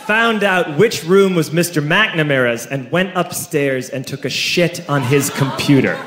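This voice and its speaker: Animated stand-up comedian man on stage. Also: a little high, noisy background. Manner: animated, building to fast excited bursts. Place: comedy stage before a live audience. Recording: echoey live stage recording with laughing crowd.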